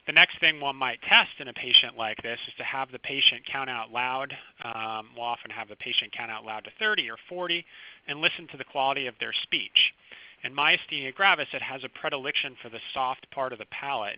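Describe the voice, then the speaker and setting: A man, a physician, giving a recorded medical lecture over slides, explaining clinical signs in a calm, teaching manner. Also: medium pitch. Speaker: physician lecturing first responders. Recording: dry, slightly dull close recording.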